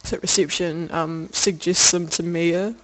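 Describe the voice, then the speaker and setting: A young woman tells a personal story for her video diary, rambling with plenty of fillers, laughter and casual swearing. Her voice is fairly low and steady, at a measured pace.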